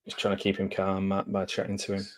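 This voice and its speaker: A man's voice: deep voice, fast talker. Chatty man doing live reaction commentary. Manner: chatty, jokey, excitable reactions with laughs. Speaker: commentary host.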